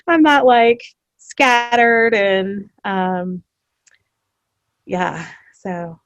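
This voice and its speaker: Chatty Southern woman, a bit high. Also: very slow, a bit bright, no echo. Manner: chatty, upbeat, laughs often. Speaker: school counselor, podcast guest. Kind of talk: casual interview chat.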